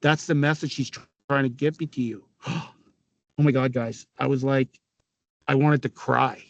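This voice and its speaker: A man's voice: medium pitch, moderate pace, dry recording, lo-fi sound. A middle-aged man from Canada, a podcast guest telling a long story in a casual way, swearing freely and acting out what people said. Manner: animated, profane, quotes people in dialogue.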